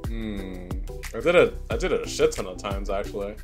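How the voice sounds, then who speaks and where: A man's voice: lowish voice, expressive, moderate pace, faint music behind. A man co-hosting a casual podcast chat, laid-back and joking, swearing freely. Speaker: podcast co-host.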